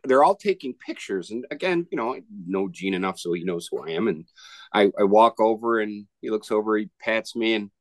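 A man co-hosting a podcast, telling a relaxed story in casual chat. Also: lowish voice, a little fast, no room sound.

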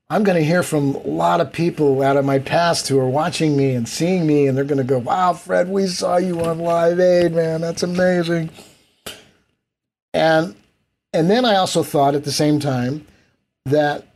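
A man with a mellow, slightly raised voice recounts a backstage memory as an interview guest. He talks animatedly, slipping into quoted voices of other people and of himself as the story unfolds. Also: a little high. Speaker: interview guest, event producer.

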